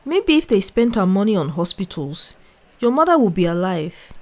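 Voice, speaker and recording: A woman's voice: mid-range voice, sing-song, moderate pace, darkish tone, natural voice. A woman voicing a bald male customs officer who grumbles and needles a traveller. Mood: grumbling scornful. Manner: grumbling, needling, then flaring up.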